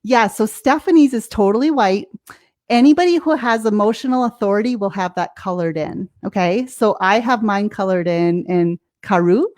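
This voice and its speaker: A woman's voice: medium pitch, moderate pace, a little mellow. An American woman, a life coach as guest, explaining things casually, laughing often and acting out her own reactions. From United States.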